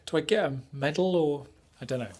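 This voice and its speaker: A young man vlogs casually while walking indoors and along city streets, filming on a handheld camera and chatting in a self-mocking way. His fairly high, slightly mellow voice is fairly quick, and the audio is poor.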